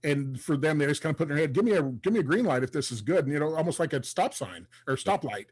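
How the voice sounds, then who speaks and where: A man's voice: a little high, animated, fast talker, breathy edge. A man hosting a podcast, telling rambling stories full of fillers in a casual chat. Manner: rambling storyteller, many fillers. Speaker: podcast host.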